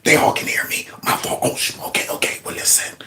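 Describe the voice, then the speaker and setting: A man voicing a creepy old male politician in a whispered role-play, hushed and conspiratorial. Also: quick pace. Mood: sly. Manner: hushed, conspiratorial, leaning into the mic.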